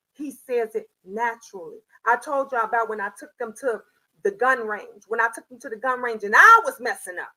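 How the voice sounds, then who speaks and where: A middle-aged woman hosts a livestream with parenting advice, her high voice bright and forceful over a rough recording. She preaches, repeats lines for emphasis, and reads out chat names as she answers viewers in a casual monologue.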